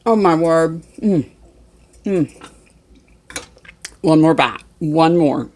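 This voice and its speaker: A woman's voice: low voice, extremely slow, darkish tone. A woman, chatting in a homey way to viewers and her dog in a casual cooking vlog. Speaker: home cook vlogger.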